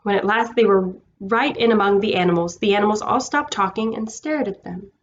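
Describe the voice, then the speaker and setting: A woman reading a children's storybook aloud, gentle and with small stumbles. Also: medium pitch, fairly quick, lo-fi sound, a little hiss or hum.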